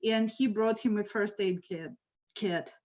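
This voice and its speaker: A woman telling a true story in a casual, animated way, laughing now and then, over a video call. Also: medium pitch, measured pace, highs cut off. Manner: lively, animated, laughs mid-sentence. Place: home, virtual event.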